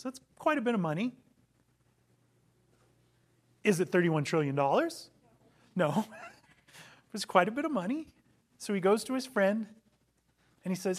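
A man preaching a sermon, telling a parable with rhetorical questions and acted-out quotes. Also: high-pitched. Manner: dramatic storytelling, acting out quotes, rhetorical questions. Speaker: pastor.

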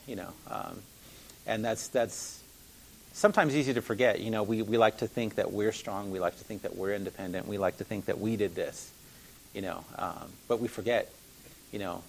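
A man's voice: fairly low pitch, creaky, slight background noise, poor audio. A man telling a personal faith testimony in an earnest, rambling way, full of fillers and restarts.

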